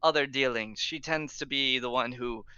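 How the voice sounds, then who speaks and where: A man's voice: medium pitch, normal speed, bright, forceful tone, clean tone, no room sound, highs cut off, lightly acted. A man voicing a drunk, jovial elderly male guard captain who hiccups and stumbles over his words in a tabletop game. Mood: hearty.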